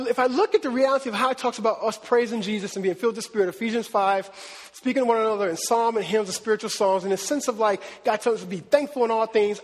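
A man preaching a casual, animated sermon, often checking in with the crowd. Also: very high voice. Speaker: pastor. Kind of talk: conversational sermon. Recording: long hall reverb.

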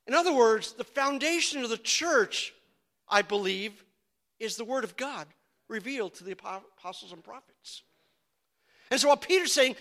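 High bright-voiced preaching man. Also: normal speed. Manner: animated, stammering repeats of words. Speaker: pastor. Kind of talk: sermon.

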